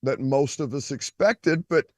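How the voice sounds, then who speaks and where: A man's voice: medium pitch, unhurried, a little mellow, no room sound, studio quality. A man hosting a sports radio show, calling in over a video call from a beach on vacation, teasing and mock-indignant. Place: outdoors by a beach.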